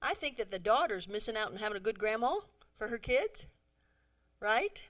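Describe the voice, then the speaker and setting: A middle-aged woman giving a humorous talk to a church audience, animated and chatty, acting out bits of dialogue. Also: medium pitch, moderate pace. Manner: animated, acts out quoted dialogue, chatty asides. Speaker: women's conference speaker.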